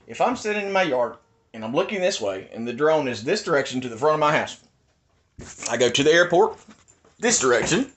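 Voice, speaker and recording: A man's voice: on the high side, very animated, fairly quick, a bit bright. A man in a heated, insistent monologue at his house, repeating his points and ranting. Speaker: video maker ranting on his channel.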